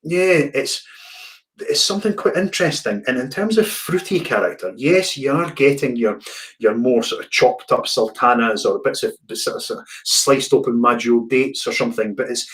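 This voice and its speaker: A man with a relaxed, chatty manner, hosting an online whisky tasting and often repeating words as he searches for them. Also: mid-range voice, normal speed. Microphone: video call.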